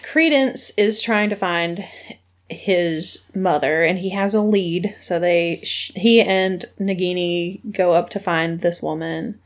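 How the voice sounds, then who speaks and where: A woman in casual chat, recapping a film with quick asides. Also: fairly low pitch. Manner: chatty, quick asides, puts on voices for quotes.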